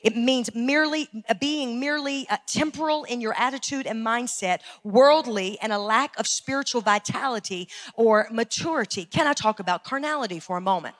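A woman's voice: a little high, moderate pace, few pauses, fairly bright tone. A woman pastor preaching a fiery sermon, building in intensity and repeating phrases for emphasis. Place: church sanctuary.

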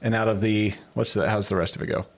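A man co-hosting a podcast, casually retelling a story with animated, amused commentary and easy laughter. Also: fairly low pitch, quick pace. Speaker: podcast co-host.

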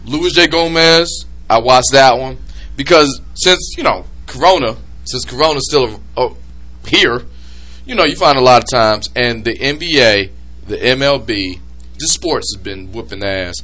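A man hosting a casual podcast chat, excitable and prone to loud laughing outbursts. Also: mid-range voice, a little slow. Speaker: podcast host.

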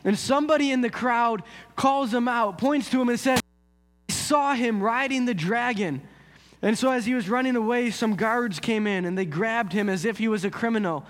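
A man's voice: very high voice, brisk, long reverb tail. A man preaching a sermon in an earnest, conversational way, telling a story. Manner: earnest, conversational, builds intensity. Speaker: pastor.

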